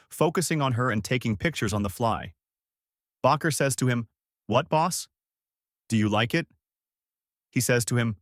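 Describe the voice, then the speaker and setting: A man's voice: mid-range voice, no room sound, studio quality. A man narrating a film summary, retelling the characters' lines in his own voice. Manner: flat storytelling, quoting characters in his own voice. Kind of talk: movie recap narration.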